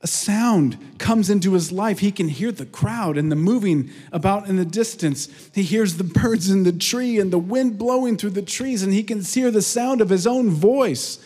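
A man preaching in a big reverberant hall, his voice sitting a touch high for a man. He tells stories with lively energy, then sinks into soft, earnest prayer. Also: normal speed, husky. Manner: earnest, lively storytelling with hushed prayerful lows. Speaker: pastor. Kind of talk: sermon. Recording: long reverb of a large hall.

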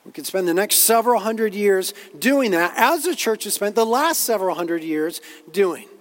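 With an expressive voice that sits high, a pastor preaches at a moderate pace while a long reverb tail hangs in the air. His sermon is earnest, full of repetitions and quotations as he builds his point.

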